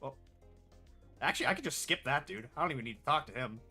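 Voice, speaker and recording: A man's voice: medium pitch, expressive, fast, sharp tone, soft background music. Laid-back young man streaming a game. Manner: laid-back, rambling, swears casually. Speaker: gaming streamer. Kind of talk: casual gameplay commentary.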